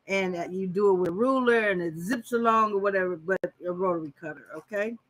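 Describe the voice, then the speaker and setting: Casual woman host for a live quilting tutorial, chatty with her chat, bright and punchy voice. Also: mid-range voice, poor audio.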